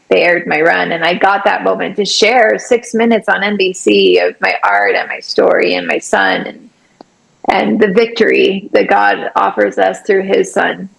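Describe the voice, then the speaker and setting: A woman guest sharing a faith testimony in conversation, animated and acting out her own prayers with sudden leaps in pitch. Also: vocal fry, poor audio. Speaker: podcast guest, artist and obstacle-course athlete.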